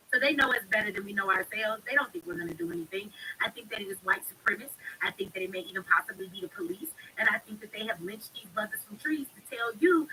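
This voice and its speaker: Bright-voiced woman ranting bluntly. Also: medium pitch, slight background noise, low-quality recording. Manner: blunt, emphatic, speaks with heavy profanity. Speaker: live-stream host. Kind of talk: heated live-stream monologue.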